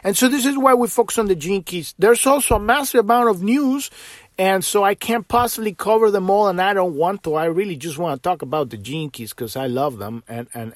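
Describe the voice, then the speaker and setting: Fervent man with a higher voice. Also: dry recording, clean studio sound. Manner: fervent and swearing, swings between loud outbursts and soft trailing. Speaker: podcast host. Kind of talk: impassioned spiritual monologue.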